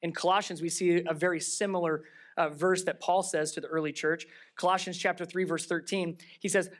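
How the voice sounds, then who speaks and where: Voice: medium pitch, steady tone, a little fast. Emphatic preacher asking rhetorical questions. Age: adult with children. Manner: swings between raised emphasis and quiet earnest tones. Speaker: pastor. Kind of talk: sermon.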